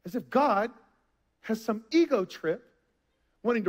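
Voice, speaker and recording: A man's voice: sits high, animated, a little slow, pauses often. A man in his thirties preaching a sermon, telling a family story in a conversational way with sudden bursts of emphasis. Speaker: pastor. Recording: long reverb of a large hall.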